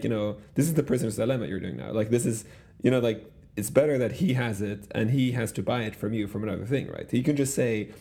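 A man's voice: on the low side, vocal fry, mellow. A middle-aged man telling stories as an interview guest, rambling with many restarts and fillers. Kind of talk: casual conversational storytelling.

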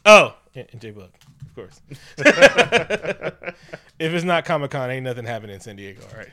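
A young man co-hosting a casual chat, animated and jokey, acting out characters as he recaps a movie. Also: normal speed. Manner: animated, jokey, acts out characters with big pitch jumps. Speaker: podcast co-host recapping a movie.

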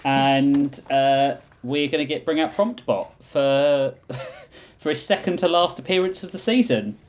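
A man's voice: fairly high pitch, unhurried, slight background noise. A man hosting a casual podcast chat, rambling through asides and laughing often. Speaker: podcast host and game master.

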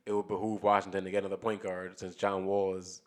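A man with a fairly low voice talks sports on a podcast in a loose, rambling way. He restarts sentences and works his ideas out aloud as he goes. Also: level tone, fast. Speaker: podcast co-host. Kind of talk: casual sports talk.

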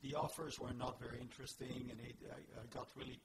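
A man, a theater director guest telling his story in a measured, steady way in a casual interview. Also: mid-range voice. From France. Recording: loud background hiss.

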